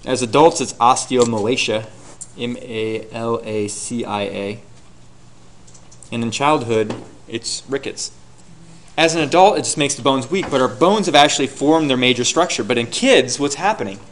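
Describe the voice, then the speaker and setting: A man teaching a class, lecturing and quizzing his students with rapid questions and answering them himself. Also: medium pitch, fairly bright tone, a little hiss or hum.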